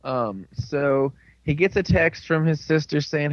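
A man's voice: on the high side, a little slow, no room sound, lo-fi sound. Rambling man recapping an episode. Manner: rambling, dips into quoted voices. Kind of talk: casual chat, recapping a TV episode.

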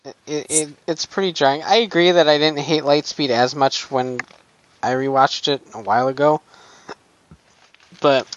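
A man's voice: fairly high pitch, steady tone, normal speed, a little hiss or hum. A young man co-hosting a casual chat, rambling with many ums and dry sarcasm. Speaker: podcast co-host. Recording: dull lo-fi audio.

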